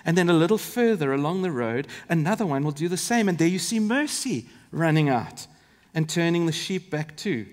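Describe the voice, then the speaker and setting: A man's voice: on the high side, expressive, moderate pace. A man from Africa, preaching a sermon in an earnest, vivid way with asides to the congregation. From South Africa. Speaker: pastor. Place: large church. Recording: long reverb of a church hall.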